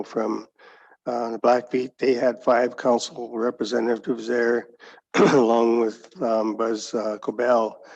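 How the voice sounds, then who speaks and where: Male council member, gravelly and halting, heard on a dull, muffled recording. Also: mid-range voice, a little mellow. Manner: halting, with fillers and repeats. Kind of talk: meeting report. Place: council meeting. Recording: dull lo-fi sound.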